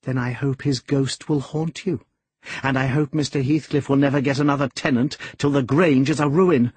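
A man's voice: high voice, animated, normal speed, husky, pitched above the performer's own voice. A man voicing a cold, curt young woman. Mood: sharp. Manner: curt, sharp.

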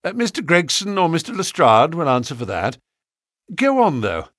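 Brilliant, impatient Victorian sleuth, read by a man; crisp, commanding, husky, dry. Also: on the high side, wildly swooping pitch, normal speed, fairly bright tone, no echo, pitched above the performer's own voice, heavily acted. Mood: brisk. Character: sharp, impatient, brilliant Victorian male detective. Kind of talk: audiobook character reading.

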